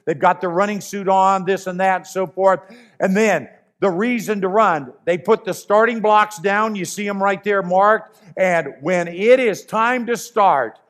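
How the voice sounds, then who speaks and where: A man's voice: sits high, measured pace, fairly bright tone. A man preaching a sermon in an earnest, emphatic way, repeating his key phrases.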